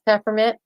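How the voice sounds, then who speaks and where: An older woman hosting a casual live stream, rambling and thinking aloud as she chats. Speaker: host.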